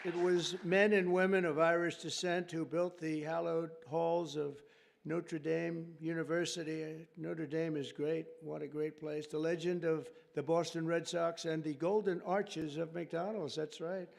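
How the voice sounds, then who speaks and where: Gravelly older man giving a rambling speech. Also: on the high side, little pitch movement, measured pace. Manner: rambling, ad-libbing asides to the audience. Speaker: speaker at a White House ceremony. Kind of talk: off-the-cuff ceremonial speech. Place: large formal hall.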